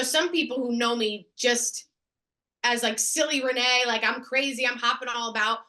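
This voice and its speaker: A woman with a bright, ringing voice talks eagerly and expressively in a casual interview. Her tone lifts with enthusiasm as she shares her thoughts. She is heard through a video call microphone. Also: a little high. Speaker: guest, actress and speaker.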